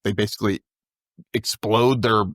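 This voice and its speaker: A man's voice: on the low side, moderate pace, no echo. Chatty man retelling scenes, dry sound. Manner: animated retelling, acts out characters' lines. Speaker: podcast host. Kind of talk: casual recap chat.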